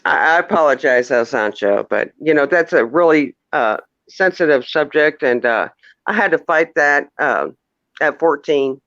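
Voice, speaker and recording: A man's voice: on the high side, expressive, normal speed, a bit bright, no room sound. Flustered guy on a dull lo-fi call line, voice swings up and down a lot, keeps stammering and cussing. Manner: rambling, flustered, swearing, stammering restarts. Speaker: caller. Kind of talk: casual call-in chat.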